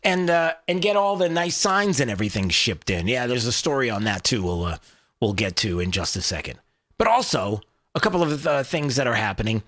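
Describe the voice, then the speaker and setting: A man's voice: medium pitch, sing-song, a little fast, fairly bright tone. An American man hosting a political talk radio show, sarcastic and rambling with many fillers.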